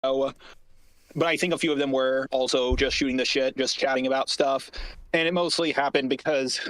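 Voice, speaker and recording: Man, casual call talk, rambling, halting, defensive, mid voice, dry. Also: mid-range voice, steady tone, a bit bright, no room sound. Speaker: online creator in an archived call.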